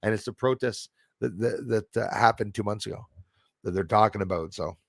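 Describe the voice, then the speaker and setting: A man's voice: lowish voice, brisk, creaky, no room sound, studio quality. A man hosting a casual livestream, rambling and opinionated as he reads out viewer comments and laughs at his own jokes. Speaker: livestream host.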